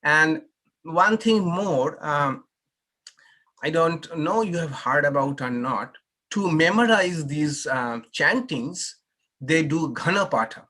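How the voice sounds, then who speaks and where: A man's voice: a little high, lively intonation, takes it slowly, sharp tone. A man, a monk, teaching a scripture class in a patient, explanatory way and inviting questions and corrections. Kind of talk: unhurried scripture class talk with Q&A.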